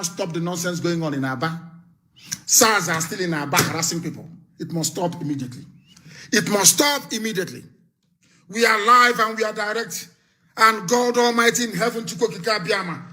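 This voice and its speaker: A Nigerian man speaks in a high, bright voice on a live broadcast. His delivery is fiery and forceful, and he hammers home repeated warnings and threats. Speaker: political activist broadcaster. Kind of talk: live radio broadcast speech.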